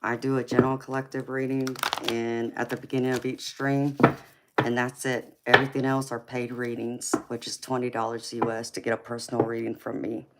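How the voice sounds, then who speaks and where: A woman's voice: rumbling low, flat delivery, brisk, background noise. A woman with a heavy Southern drawl, hosting a casual live stream and calling her viewers honey and sweetheart. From California, raised in Georgia. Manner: affectionate, calls viewers honey and babe. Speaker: tarot reader and livestream host.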